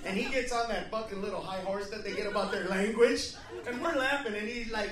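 Profane high-voiced stand-up comic. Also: male voice, fairly quick, echoey room, recorded from a distance, background noise. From United States. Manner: loud, profane, shouts in character voices. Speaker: stand-up comedian. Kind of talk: stand-up comedy set.

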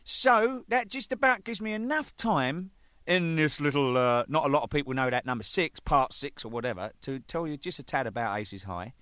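An older man, a band's drummer, telling rambling, profane stories, laughing and acting out the shouting in them. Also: fairly high pitch, normal speed, dry recording, clean studio sound. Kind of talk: casual anecdotal storytelling.

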